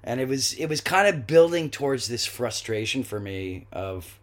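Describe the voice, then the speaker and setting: A middle-aged man, a guest actor, telling a lively story in a podcast interview and acting out the voices in it. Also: medium pitch, normal speed. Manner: lively anecdotes, acts out quoted voices, swears.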